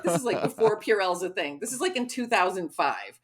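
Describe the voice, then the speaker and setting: A woman's voice: medium pitch, a little fast, over a noisy crowd. A woman hosting a podcast, telling a story in casual chat and acting out quotes with lots of laughter. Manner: animated, acts out quotes with laughter. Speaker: podcast host.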